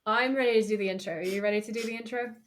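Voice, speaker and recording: A woman co-hosting a podcast in casual chat, teasing the others with quick jokes. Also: a little high, steady tone. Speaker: podcast co-host.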